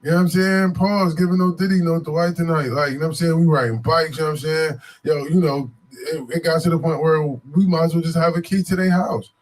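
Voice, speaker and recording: A man from Buffalo, New York, tells a story casually with a voice a little higher than most men's. He rambles and loops back on himself, leaning on frequent fillers. His delivery is loose and animated. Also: a little fast. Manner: animated, digressive, frequent "you know what I'm saying" fillers.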